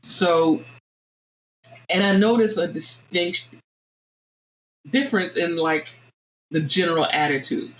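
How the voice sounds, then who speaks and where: A woman with a Southern American accent, a podcast guest talking things through in a reflective, halting way with many restarts. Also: fairly low pitch, a little hiss or hum, poor audio. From Southern United States. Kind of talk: casual podcast conversation.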